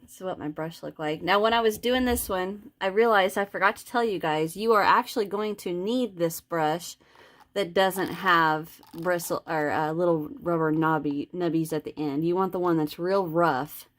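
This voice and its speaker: A woman's voice: lowish voice, moderate pace. A woman hosting her crochet channel, chatting casually through a tutorial with frequent ums and restarts.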